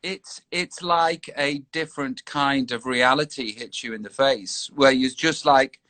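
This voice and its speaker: A man's voice: mid-range voice, a little slow, bright, forceful tone, no room sound. A man from England, hosting a casual video-call chat in a rambling, jokey way. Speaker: host.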